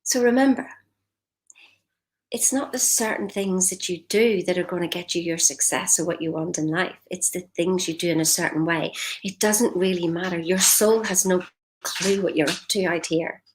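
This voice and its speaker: A woman's voice: lowish voice, normal speed, low-quality recording. Upbeat woman giving a motivational talk. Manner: upbeat and encouraging, with frequent laughs and asides. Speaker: motivational speaker on a live stream.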